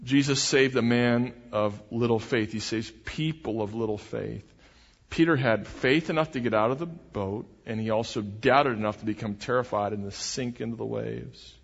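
A man's voice: mid-range voice, moderate pace, gravelly. Earnest preacher man in a reverberant hall. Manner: earnest and emphatic, with repeated restarts. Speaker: pastor. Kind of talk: sermon. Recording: dull recording with long hall reverb.

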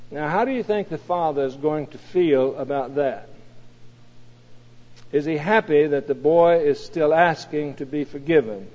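A man with a high-pitched voice preaches, swelling louder on scripture and falling quiet and low for personal asides. His voice carries a long reverb, like a large hall, and the recording sounds dull and lo-fi. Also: measured pace. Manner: rising to emphatic peaks on scripture, dropping low and soft for asides. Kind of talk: sermon.

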